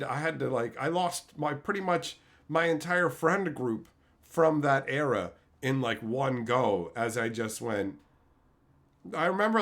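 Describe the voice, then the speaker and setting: Animated man telling stories on a live stream. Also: on the high side. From Canada. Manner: animated, swings into loud shouted quotes. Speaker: streamer opening card packs. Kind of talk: casual live-stream storytelling.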